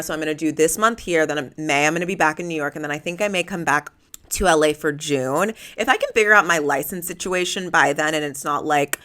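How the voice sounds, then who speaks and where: A woman's voice: low voice, sharp tone. A woman in her late twenties hosting a casual solo podcast, chatty and self-mocking, with dramatic swings and plenty of "like". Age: late 20s. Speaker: podcast host.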